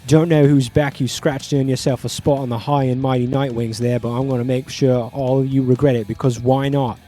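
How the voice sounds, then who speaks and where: A man's voice: medium pitch, fairly even intonation, brisk, natural voice. A man voicing a rowdy, sneering punk dog-man rival, over faint music. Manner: loud, sneering, swaggering.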